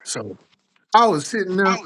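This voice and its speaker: This young man's voice sits high and moves at a normal speed as he recounts casual stories. He's animated, uses a lot of slang, and swears freely throughout.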